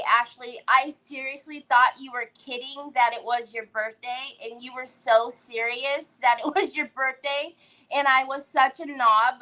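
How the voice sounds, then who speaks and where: A woman's voice: high voice, bright, forceful tone, poor audio. A woman hosting a live crafting stream, chatting casually, giggling often and greeting viewers by name. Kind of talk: casual livestream chat while crafting.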